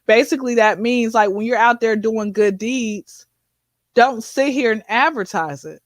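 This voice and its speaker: A woman comedian in a casual interview, talking in an animated, preachy way with sassy asides. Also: a little high, measured pace, no echo. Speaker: comedian guest.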